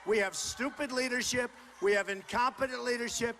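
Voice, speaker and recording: Booming man at a rally, echoing hall. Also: steady tone, fairly quick. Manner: punchy, repetitive, boastful, often shouting to a crowd. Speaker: political candidate. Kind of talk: campaign rally speech. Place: large indoor university venue. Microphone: stage microphone. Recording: long hall reverb with faint crowd noise.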